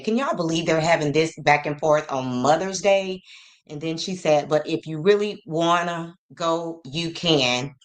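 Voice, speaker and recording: Low-voiced woman hosting a livestream. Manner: reads messages aloud slowly, greets chat by name. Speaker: livestream host. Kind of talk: casual livestream commentary.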